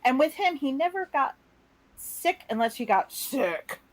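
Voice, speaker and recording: A woman co-hosting a casual talk show, telling a story with lively acted-out quotes. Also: high voice, normal speed, rough recording. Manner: animated storyteller, acts out quotes. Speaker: co-host. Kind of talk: casual chat.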